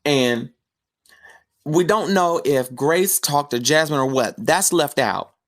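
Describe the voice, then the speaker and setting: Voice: mid-range voice, lively intonation, takes it slowly. A podcast host giving a casual, chatty film review recap, telling the story with slangy asides.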